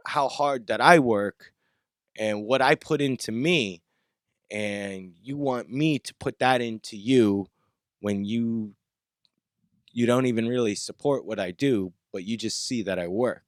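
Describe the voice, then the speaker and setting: A man hosting his own podcast in a heated, profane rant. His voice sits at an ordinary middle pitch and sounds dry and close. He lurches between loud blowups and low grumbling asides. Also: slow pace, smooth, no echo. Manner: swings between loud outbursts and low muttering. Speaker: podcast host. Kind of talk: off-the-cuff ranting monologue.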